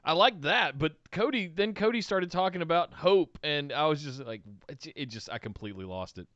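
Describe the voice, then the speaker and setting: An excitable, jokey man co-hosting a wrestling podcast, with a high, very lively voice. His tone is bright and crisp. The recording is dry and a bit dull and lo-fi. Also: moderate pace, no room sound. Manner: excitable, laughs often, jokey. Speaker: podcast co-host. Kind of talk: casual wrestling chat, reading donations.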